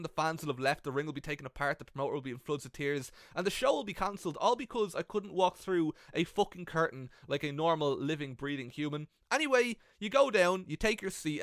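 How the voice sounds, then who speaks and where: A young Irish man giving comedic, sweary advice about wrestling commentary in an animated vlog, speaking into a gaming headset. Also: sits high, creaky, no echo, studio quality. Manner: animated, sweary, self-mocking.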